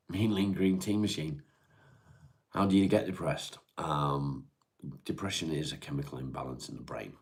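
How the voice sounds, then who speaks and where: Low-voiced man chatting. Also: measured pace, pauses often, a little mellow. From North West England. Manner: laid-back, sighing, hums to himself between comments. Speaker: livestream host. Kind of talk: casual livestream chat, reading and answering viewer comments. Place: at home.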